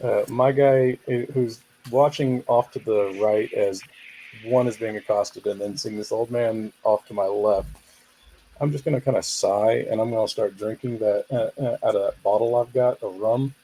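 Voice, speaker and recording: A man playing a tabletop game, describing his character's actions calmly with some hesitant fillers. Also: fairly low pitch, normal speed, slight background noise, poor audio. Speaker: player.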